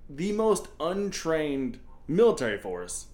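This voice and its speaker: A man with a fairly high voice co-hosts a relaxed film chat. He laughs often and drops casual swear words between quick asides. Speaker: podcast co-host.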